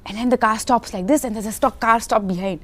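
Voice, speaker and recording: Woman mimicking an excitable male director. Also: a little high, fast talker, pitched above the performer's own voice. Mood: explaining. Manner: fussy, scolding, acts out every step. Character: excitable male film director, broken English.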